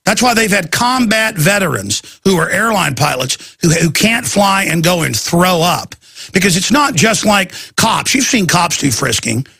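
A man's voice: high-pitched, big pitch swings, measured pace, gravelly, pushed and bright, breathy edge, no room sound, clean studio sound. A middle-aged man hosting a talk show, ranting in an impassioned monologue and mocking people in put-on voices.

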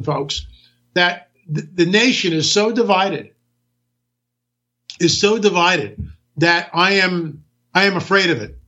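On dull, lo-fi audio with the highs rolled off, a talk radio host rants emphatically through a political monologue. His voice is high, bright, and tense as he drives home every point and tosses out rhetorical questions.

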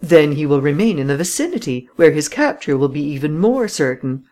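A woman voicing a calm, matter-of-fact male police commissary in a storybook reading. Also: low-pitched, a little fast. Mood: confident.

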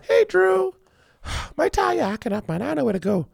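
Man putting on a high coy flirting woman. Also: big pitch swings, moderate pace, creaky, dry recording, clean studio sound, soft background music, exaggerated voice. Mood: sweet. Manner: sighing, sweet-talking, coaxing.

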